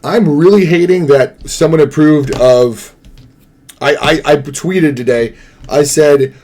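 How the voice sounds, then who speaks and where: A man's voice: on the high side, slow pace, a little mellow. A man chatting casually to viewers during a live stream, rambling and laughing easily. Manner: rambling, chatty, sings along and laughs often.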